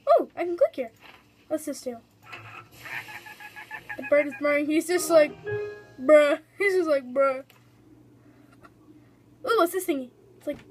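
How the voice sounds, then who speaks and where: A young woman giving excitable, giggly let's-play commentary on a game, chatting to her viewers as she plays. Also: sits high. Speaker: gaming video host.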